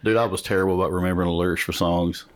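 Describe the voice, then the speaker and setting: A man hosting a casual podcast chat from a room at home with big windows, telling stories in an animated, self-mocking way. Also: deep voice, very fast. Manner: animated storytelling with laughs and self-mockery. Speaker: podcast host. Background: passing traffic and children audible.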